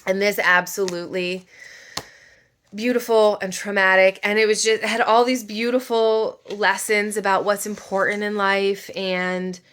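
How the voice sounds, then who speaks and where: A woman's voice: medium pitch, little pitch movement, measured pace, a bit bright, a little hiss or hum. A woman, a mother, chatting casually about a book while doing her makeup, emotional and rambling, full of filler words. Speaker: book vlogger.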